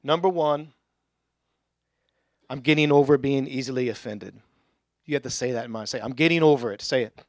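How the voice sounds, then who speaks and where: A young adult male pastor giving a conversational sermon in a church, with joking asides and bursts of excitement. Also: mid-range voice, moderate pace, long pauses, no room sound, clean studio sound. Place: church sanctuary.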